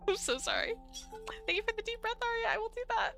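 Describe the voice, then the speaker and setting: A young woman streamer reacting live to a dating game, animated and indignant, laughing often. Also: extremely high pitch, a little fast, vocal fry, faint music behind.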